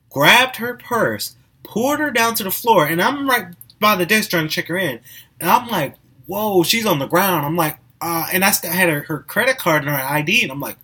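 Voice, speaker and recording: A young man hosting a podcast, telling stories in a casual, animated way with frequent laughs and restarts. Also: sits high, slightly rough. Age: young adult. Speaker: podcast host. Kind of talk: casual storytelling monologue.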